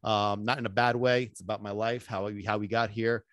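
A man hosting a solo podcast as a dog trainer, talking in an excitable, emphatic way and dropping in Sicilian phrases and casual swearing. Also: on the low side, a little fast, no echo, studio quality. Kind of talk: energetic solo podcast talk.

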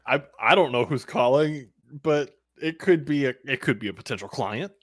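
A man's voice: normal speed, no echo, clean studio sound. A man playing a tabletop role-playing game, playful and laughing often. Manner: playful, laughs often, voice jumps high when excited. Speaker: player.

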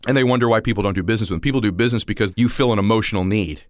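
A man in his forties giving a motivational talk, telling stories and acting out the dialogue, at times rising almost to a shout. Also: fairly low pitch, racing, few pauses, no echo, clean studio sound. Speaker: motivational speaker.

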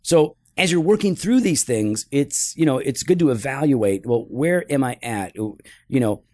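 A man's voice: mid-range voice, animated, measured pace, dark tone, no room sound. A man co-hosting a podcast in a voice that sits in a middle register. His manner is teasing, and it shifts into an earnest preaching tone. The sound is dry and close, with no room behind it. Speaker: podcast co-host. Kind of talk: casual chat and sponsor read.

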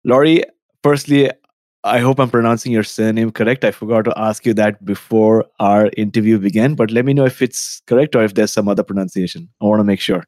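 A man hosts an interview in a polite, measured way, reading out his guest's introduction before asking questions. His voice sounds dry and close, with little room around it. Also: fairly low pitch, steady tone, a little mellow, dry recording. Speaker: podcast host.

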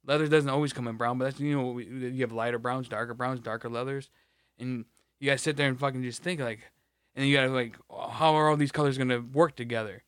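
A man's voice: medium pitch, steady tone, fast, a bit bright, clear, resonant tone, no room sound. Profane rambling man, dry sound. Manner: rambling, profane, many restarts. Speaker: podcast co-host. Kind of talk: casual chat.

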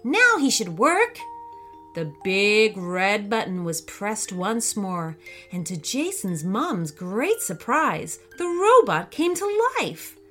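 A woman reading a children's storybook aloud in an expressive, unhurried way. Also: medium pitch, soft background music.

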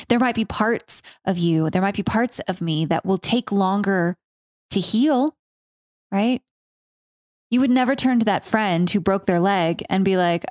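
A woman hosting a spoken-word storytelling show, talking intimately and earnestly with slow pauses, then reading her own poetry. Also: mid-range voice, lively intonation, a little mellow, no room sound, clean studio sound. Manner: intimate, earnest, slow and pausing, with casual swearing. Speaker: host.

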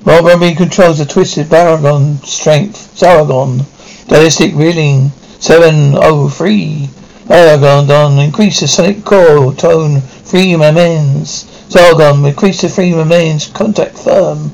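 A man voicing an alien commander who gives clipped, slow orders. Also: fairly high pitch, fairly even intonation, vocal fry, darkish tone, low-quality recording. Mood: commanding.

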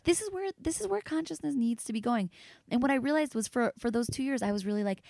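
A woman talking as a podcast guest in casual, animated chat, her pitch swooping up as she gets excited. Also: fast talker, creaky, no echo, studio quality.

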